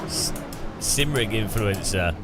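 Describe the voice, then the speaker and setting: A man's voice: on the low side, huge pitch swings, slow, over music. A man joking through live racing-game commentary, greeting chat and poking fun at himself. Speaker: gaming streamer.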